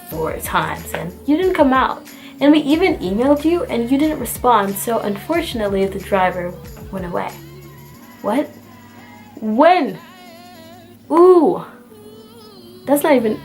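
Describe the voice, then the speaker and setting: A young woman from the United States telling a storytime to her viewers in an exasperated, animated way, acting out both sides of the argument. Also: fairly high pitch, measured pace, faint music behind. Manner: animated, exasperated, acts out the dialogue. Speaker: vlogger. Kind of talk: storytime rant.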